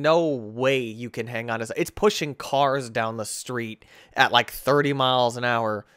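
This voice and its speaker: Rambling young man with a smooth voice. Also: medium pitch, moderate pace, hardly any pauses, no echo, clean studio sound. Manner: rambling, excitable, many filler words. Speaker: gaming YouTuber. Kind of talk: casual gameplay commentary.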